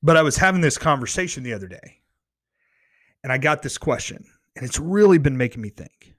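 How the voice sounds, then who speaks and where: A man's voice: medium pitch, a little fast, no echo, studio quality. Earnest man telling a faith story. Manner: earnest and excitable, restarts phrases when worked up. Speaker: podcast host. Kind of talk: personal faith story told to camera. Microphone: close studio microphone.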